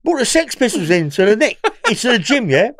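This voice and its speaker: A man's voice: sits high, very animated, a little fast, a bit bright, no echo, clean studio sound. A man, a former prisoner telling rambling stories in an interview, swearing and laughing as he goes. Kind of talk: storytelling interview.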